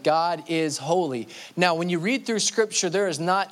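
Delivering his sermon, this pastor speaks earnestly with a voice pitched a little high, frequently tripping over words and starting them again. Scripture quotations come slower, with every word stressed.

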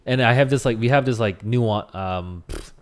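A man's voice: mid-range voice, normal speed, clean tone. A man chatting casually with a friend. He laughs often and sometimes trails off mid-thought. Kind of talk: casual chat.

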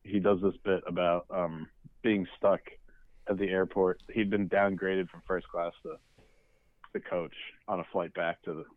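A man's voice: sits low, level tone, measured pace, no echo. A man co-hosting a podcast, telling anecdotes in casual movie chat. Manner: chatty, storytelling, with fillers. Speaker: podcast co-host. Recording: dry, tinny phone-like line.

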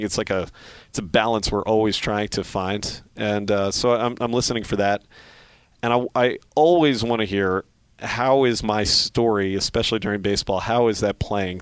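A man's voice: fairly low pitch, clear, resonant tone, no room sound. A middle-aged man from Philadelphia with a faint Philly accent, a sports play-by-play broadcaster talking reflectively in an interview, with many restarts and fillers. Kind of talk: casual interview talk.

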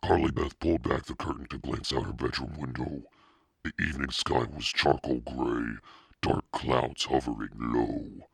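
A man narrating a children's novel in a steady, plain way. His voice sits extremely low, with a gravelly, husky grain. The recording is close and dry. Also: moderate pace, no echo. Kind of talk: audiobook reading.

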